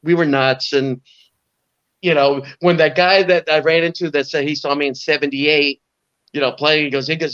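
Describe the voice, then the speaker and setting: Animated storytelling man on dull audio. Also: a little high, normal speed, clean tone. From Southern California. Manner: animated storyteller, acts out voices, laughs often. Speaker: guest musician. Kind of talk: storytelling in an interview.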